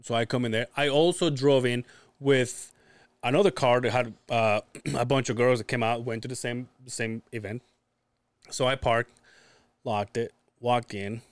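A man's voice: medium pitch, steady tone, normal speed, smooth, dry recording. A man co-hosting a podcast, telling a long story in a rambling, profane, casual way. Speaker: podcast co-host.

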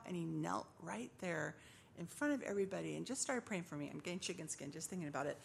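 A woman's voice: on the low side, very animated, fast talker, vocal fry. A middle-aged woman giving a personal testimony at church, telling her story earnestly and acting out the voices of the people in it.

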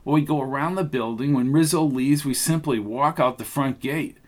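A man voicing a gruff cowboy truck driver around forty, terse and commanding. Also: mid-range voice, normal speed, natural voice.

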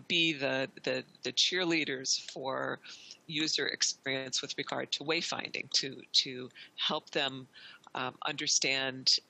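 Bright-voiced woman telling a story. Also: very deep voice, creaky, poor audio. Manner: chatty, many restarts and quoted dialogue. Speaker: wayfinding consultant, guest. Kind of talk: storytelling in a podcast interview.

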